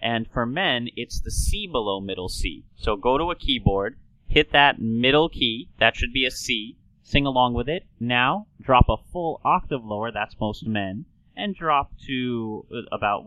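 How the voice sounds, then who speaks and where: A man who is a doctor and talk show host, explaining in a lecturing way with quick asides. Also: mid-range voice, animated, a bit bright, dry recording, rough recording.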